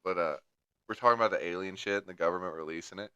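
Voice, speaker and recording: Crude, rambling young man with a bright voice. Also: sits low, rapid-fire, clean tone, dry recording. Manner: crude rambling storyteller, heavy swearing. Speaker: podcast co-host. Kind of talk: casual chat.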